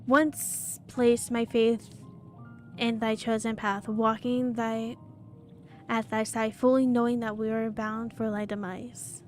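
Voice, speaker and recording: A woman gives voice to a noble companion who speaks in archaic formal English. She reads slowly and earnestly, in a slightly high voice. Faint music plays underneath. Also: little pitch movement. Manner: slow, earnest dramatic reading. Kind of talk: reading game dialogue aloud.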